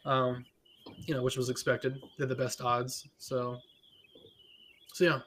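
A man's voice: medium pitch, little pitch movement, slow, fairly bright tone, slight background noise. A man co-hosting a sports podcast, explaining things in a laid-back casual chat with many fillers. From Spokane area, Washington. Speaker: podcast co-host.

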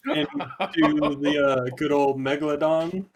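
A man's voice: on the high side, fairly even intonation, unhurried. A man playing a tabletop game, hesitant and full of fillers. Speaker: player.

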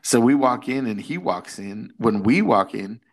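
This is a middle-aged man telling a story in easy, casual chat. His voice sits in an ordinary middle range. He acts out the people in his story with lively quoted voices. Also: medium pitch, unhurried.

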